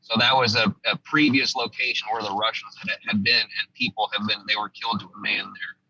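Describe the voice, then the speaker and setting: A former army sergeant from the United States recounting a combat story as a podcast guest, telling it vividly and acting out what people said. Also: male voice, lowish voice, level tone, a little fast, gravelly, bright, forceful tone, husky, dull audio.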